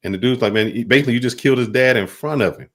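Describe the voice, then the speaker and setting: A man's voice: mid-range voice, rapid-fire. A man hosting a talk podcast, telling a simple parable in plain casual speech. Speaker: podcast host. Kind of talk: reflective storytelling.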